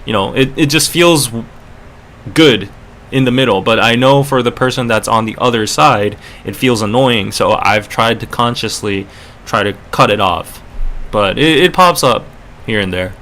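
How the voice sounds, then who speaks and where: Bright-voiced man, fast filler-heavy chat. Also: medium pitch. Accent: North American, learned in Canada. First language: Korean. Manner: rambling, many fillers and restarts. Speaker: podcast host and streamer. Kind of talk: casual live-stream chat.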